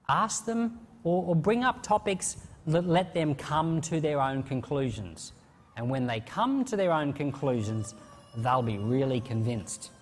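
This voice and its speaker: Guy preaching a sermon, animated and chatty, voice jumping all over, long church echo. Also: fairly high pitch.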